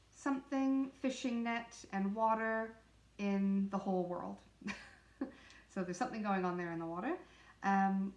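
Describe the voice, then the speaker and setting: A woman teaching the pronunciation of song lyrics, reading lines slowly and then explaining the sounds in quick asides. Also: medium pitch. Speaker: singing pronunciation coach. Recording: echoey room.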